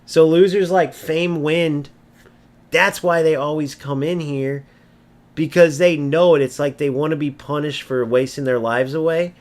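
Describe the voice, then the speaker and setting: A man with a fairly high voice calls out the game over live gameplay. His talk is brash and mocking, full of insults and swearing at other players. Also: fairly even intonation, measured pace. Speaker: video game streamer. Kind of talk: gameplay commentary rant.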